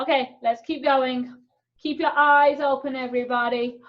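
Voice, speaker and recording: A woman leads a children's sign language lesson in a high, slow voice. She is animated and playful, with sing-song lines and animal noises. The recording is a little muffled and lo-fi.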